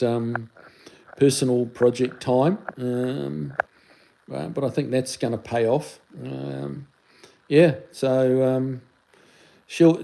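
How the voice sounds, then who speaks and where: Mellow New Zealand man on a live stream. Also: medium pitch, creaky, low-quality recording. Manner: rambling, reads viewer comments aloud. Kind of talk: casual live stream chat. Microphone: phone held in hand.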